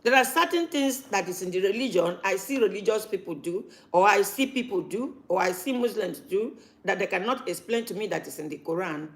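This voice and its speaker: A woman's voice: medium pitch, expressive, brisk, few pauses. A woman, talking casually to camera as a vlogger and repeating her points for emphasis.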